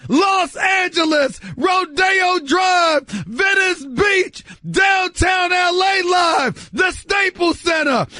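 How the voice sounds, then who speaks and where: A man's voice: very high-pitched, no echo, studio quality. A middle-aged man from New York hosting a sports radio show, giving an emphatic monologue that repeats phrases and addresses the listeners directly. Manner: loud, shouting, emphatic and theatrical.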